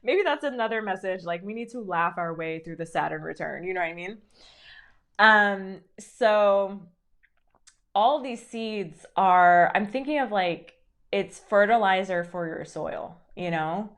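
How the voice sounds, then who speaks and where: A woman's voice: medium pitch, a little slow, a bit bright. A young woman doing a casual live-stream tarot reading, gushing and encouraging, full of fillers and frequent giggles.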